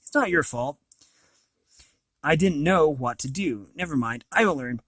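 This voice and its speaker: A man reading a novel aloud, voicing a nervous young noblewoman who speaks haltingly. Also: on the high side, animated, fairly bright tone, no room sound. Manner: hesitant, halting speech. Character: young noblewoman bride, nervous but gentle.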